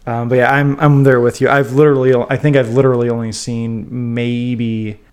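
A man's voice: mid-range voice, normal speed. Chatty podcast co-host man. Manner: animated, stammering restarts, playful. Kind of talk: casual chat.

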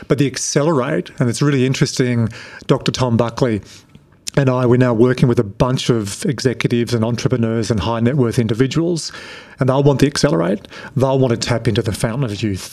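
A middle-aged Australian man with a relaxed, conversational manner, answering interview questions as a productivity coach. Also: medium pitch, brisk. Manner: relaxed, conversational, frequent restarts.

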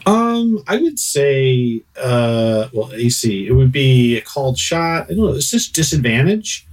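A man's voice: mid-range voice, sing-song, a little slow. A man narrates a tabletop game as game master, circling his descriptions with fillers and hesitations. His voice sits in a middle range and sounds a little distant from the microphone. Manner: rambling, full of hesitations and "sort of, like".

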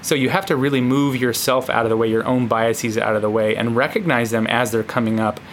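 A man's voice: medium pitch, fairly even intonation, fairly quick, slight background noise. A man co-hosting a podcast, talking in a reflective, casual way and joking now and then. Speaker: podcast co-host.

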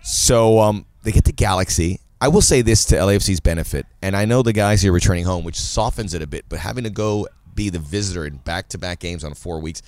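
A man co-hosting a casual sports podcast, jokey and animated, with quick asides. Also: low voice, no room sound. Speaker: podcast co-host.

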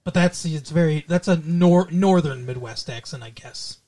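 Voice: mid-range voice, moderate pace, mellow. A podcast co-host from Michigan, chatting casually about a movie with lots of restarts and fillers.

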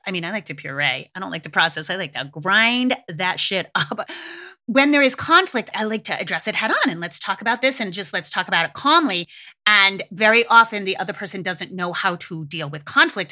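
Bright-voiced candid woman podcast host. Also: mid-range voice. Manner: candid and swears freely, acts out parent voices. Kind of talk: casual podcast monologue.

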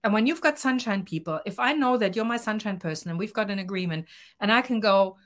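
A woman's voice: mid-range voice, quick pace. A woman coach being interviewed, talking earnestly and acting out little quoted exchanges as she explains. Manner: earnest, expressive, acts out quoted lines. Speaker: guest coach. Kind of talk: podcast interview.

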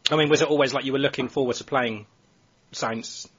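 A man's voice: mid-range voice, fairly even intonation, brisk, a bit bright, slightly rough, dull audio. A man hosting a podcast, asking casual questions in a chatty, encouraging way. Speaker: podcast host, interviewer.

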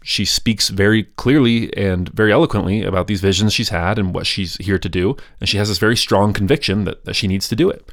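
Low-voiced man telling history casually. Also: brisk, hardly any pauses, fairly bright tone, no echo, studio quality. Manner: chatty and wry, drifts into grumbling asides. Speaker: podcast host.

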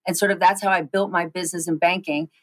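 Animated woman telling stories in an interview. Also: on the low side, no room sound, low-quality recording. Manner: animated, fast storytelling with many restarts. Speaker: guest. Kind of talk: storytelling interview chat.

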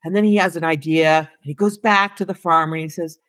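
A woman, an elementary school counselor, telling a story in casual, animated talk with lots of "like" and "you know.". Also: low-pitched, fairly quick, hardly any pauses, dry recording.

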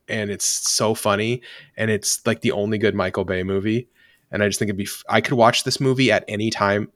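Low-voiced rambling podcast man. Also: a bit bright, no room sound, clean studio sound. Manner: rambling, many restarts and fillers. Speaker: podcast co-host. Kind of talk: casual chat.

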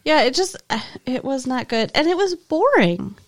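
A woman co-hosting a podcast in casual chat, blunt and quick to laugh. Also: high-pitched, very animated. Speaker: podcast co-host.

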